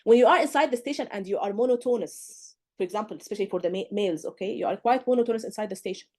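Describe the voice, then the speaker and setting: A woman's voice: mid-range voice, racing, darkish tone. A woman tutor giving a live lecture to exam candidates, emphatic and direct, often checking in with the class. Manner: coaching, direct.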